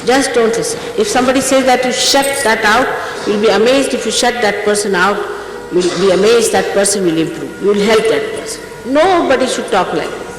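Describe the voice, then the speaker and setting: An older woman who is a spiritual teacher scolds her followers emphatically before a ceremony, repeating herself often in this informal exhortation. Her voice sits mid-range at a moderate pace. The old tape carries faint hiss and the echo of a hall.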